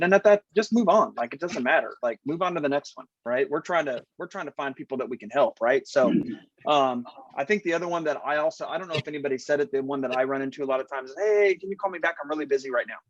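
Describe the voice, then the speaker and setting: A man's voice: medium pitch, no echo. Chatty man, dry muffled audio. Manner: agreeable, chatty, lots of "like" and "right?". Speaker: insurance agent. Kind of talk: casual training talk.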